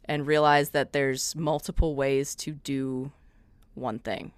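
A woman's voice: very deep voice, little pitch movement, takes it slowly, clean tone, dry recording. A woman from the American Midwest, a podcast guest chatting casually, frank and self-deprecating, laughing often.

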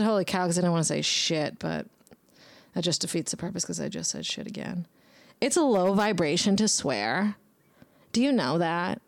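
A young woman with a lowish voice hosting a loose, casual monologue. She talks bluntly, drops curses freely and rambles from one aside to the next. She sounds dry and close, with no room echo. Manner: swears heavily, rambling and blunt; talks back to herself by name. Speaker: podcast host.

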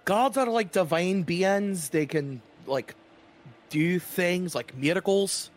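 A man's voice: high voice, slow pace. A man playing his character in a casual tabletop role-play, playful and joking. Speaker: player.

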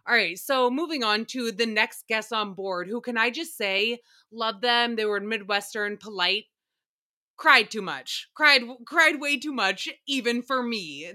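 A woman's voice: fairly high pitch, sharp tone. A woman hosting a casual solo recap podcast, chatty and sarcastic, often laughing and swearing. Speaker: podcast host.

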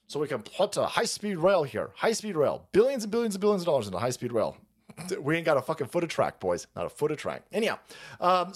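A man hosting a profane, sarcastic political comedy rant on his stream. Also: fairly high pitch. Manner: animated, foul-mouthed, sarcastic. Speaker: streamer host.

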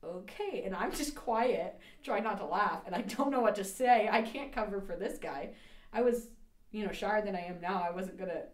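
A woman's voice: mid-range voice, normal speed, roomy sound. A young adult woman co-hosting a podcast, telling a story in casual chat with laughs and mimicked quotes. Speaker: podcast co-host.

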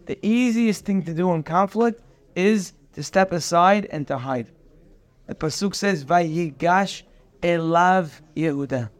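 Male Torah teacher, high voice, earnest and emphatic lecture delivery, drops in Hebrew terms. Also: unhurried. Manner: earnest, emphatic, repeats phrases for stress. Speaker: rabbi teaching a daily Torah class.

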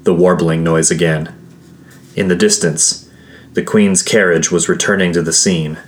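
A man narrating a first-person adventure story in a measured, steady storytelling manner. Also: low voice. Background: faint music.

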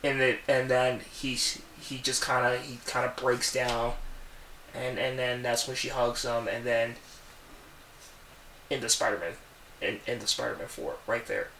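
A man's voice: mid-range voice, fairly even intonation, a little slow, bright, forceful tone, echoey room, distant mic, slight background noise, poor audio. A man co-hosting a casual podcast, retelling a movie idea in a rambling way with many restarts. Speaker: podcast co-host.

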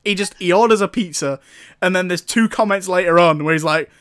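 A man's voice: high-pitched, a little fast, a bit bright, smooth, no room sound, clean studio sound. Amused man rambling through a recap. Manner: rambling and amused, often laughing, sarcastic asides. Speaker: film reviewer. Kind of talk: casual comic film recap.

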